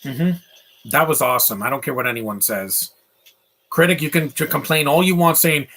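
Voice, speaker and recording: A man's voice: on the high side, normal speed, bright, forceful tone. A man giving casual, rambling live commentary over a movie, opinionated and full of asides and fillers. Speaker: film commentator.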